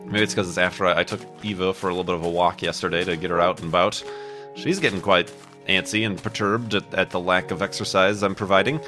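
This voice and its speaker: A man's voice: low voice, steady tone, fast, music in the background. A man rambling chattily through casual let's-play commentary with self-mocking asides, a bit stuffy from a cold. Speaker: gaming YouTuber.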